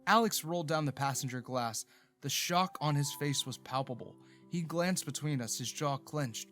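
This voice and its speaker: A man reads a first-person romance story in a steady storytelling voice. His pitch sits a little high, and faint background music runs underneath. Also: normal speed. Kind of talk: scripted first-person narration.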